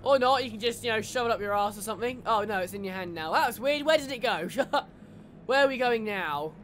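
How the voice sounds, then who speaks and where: A gamer chatting through a horror game in casual let's-play commentary, joking, swearing and laughing as they go. The voice sits at a middling pitch, with faint game noise underneath. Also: fairly quick, a bit bright. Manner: jokey, swearing, laughs often.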